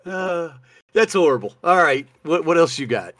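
A man's voice: a little high, moderate pace, no room sound, clean studio sound. A man co-hosting a casual podcast, reading out odd news stories and reacting with lots of laughter. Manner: animated, laughs often, reads news stories aloud. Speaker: podcast co-host.

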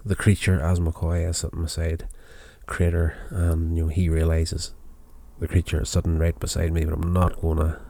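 Deep-voiced tired man rambling through a recap. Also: monotone, moderate pace, warm tone, dry recording. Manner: rambling, many fillers and restarts. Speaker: show recapper. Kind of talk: casual episode recap.

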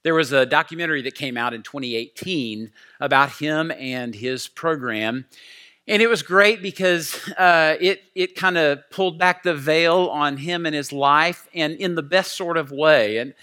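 A man's voice: mid-range voice, pushed and bright. A man preaching a sermon in an earnest, heartfelt storytelling way. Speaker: pastor.

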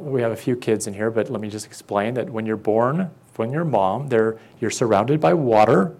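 Guy giving a sermon, normal pitch, talks it through casually, acts out quotes. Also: a little mellow. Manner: conversational, asks the congregation questions, acts out quoted lines. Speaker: preacher.

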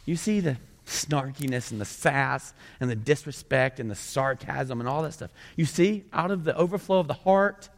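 A man's voice: mid-range voice, moderate pace, gravelly, hardly any pauses, in a large hall. A male pastor preaching a sermon in a church, conversational and full of rhetorical questions. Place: church sanctuary.

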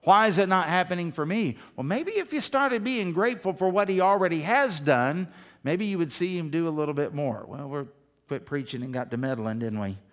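A man's voice: fairly high pitch, expressive, fairly quick. A pastor in his fifties preaching a sermon with emphasis, often asking the congregation questions. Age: 50s.

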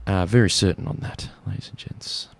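A man's voice: deep voice, steady tone, a little fast, vocal fry, husky. A young Australian man hosting a community radio show, chatting casually and jokily with plenty of fillers. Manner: chatty, jokey, rambling with fillers.

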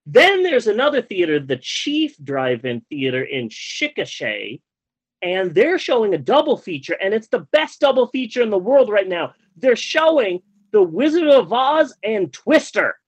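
A man with a high-pitched voice rants in a casual podcast chat. He swears freely and sounds exasperated. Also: very animated, measured pace, breathy edge, poor audio. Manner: profane, exasperated ranting.

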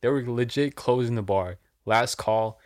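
A man's voice: medium pitch, a little slow, darkish tone. A young man telling a rambling, profane story in casual chat, saying "dude" and "like" all the time.

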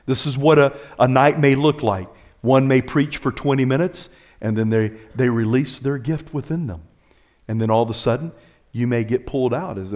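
A man preaching a sermon as pastor, swinging his pitch high and low and calling out to the congregation. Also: normal speed, a little mellow.

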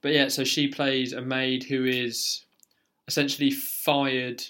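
A man's voice: mid-range voice, little pitch movement, slow, bright, forceful tone. A man co-hosting a casual film podcast, chatty and casually swearing. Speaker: podcast co-host.

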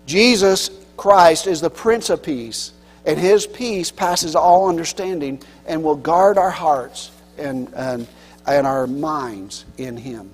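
A male pastor preaches earnestly in a fairly high voice. His delivery swings between loud emphasis and soft, low passages, and the voice trails into a long hall reverb. A steady mains hum runs underneath. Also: slow pace, soft background music. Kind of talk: sermon.

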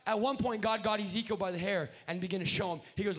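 Man, preacher, very high voice, revival sermon, sing-song shouting cadence, quiet conversational asides. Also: very fast, few pauses. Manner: drops to low conversational asides.

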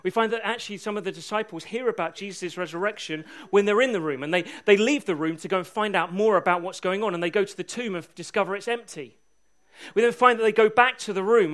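Male preacher, high voice, loose humorous storyteller, church sermon. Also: a bit bright.

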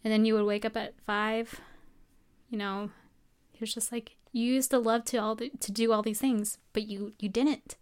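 A woman's voice: fairly high pitch, normal speed, clean tone. A woman in her twenties, a medical student, chatting casually and telling stories that act out the voices of the people in them. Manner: animated storyteller acting out quoted dialogue. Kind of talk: casual chat.

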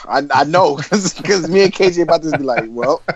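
A man's voice: a little high, brisk. A young man hosting a casual chat with friends, retelling stories and laughing. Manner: storytelling, laughing. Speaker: podcast host. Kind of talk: casual banter. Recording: dull recording with chatter behind.

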